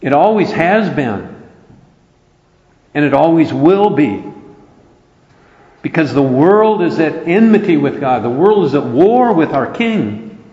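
Slow, earnest preacher in an echoey hall. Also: male voice, fairly high pitch, very animated, a little mellow. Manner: earnest, emphatic preaching with scripture quotes. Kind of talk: sermon. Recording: roomy, dull lo-fi hall recording.

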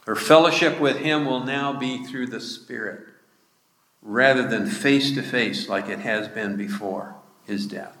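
Slow-speaking preacher in an echoey hall. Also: male voice, medium pitch, a bit bright. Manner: slow, measured retelling of scripture with quoted speech. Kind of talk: sermon. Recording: echoey hall with long reverb.

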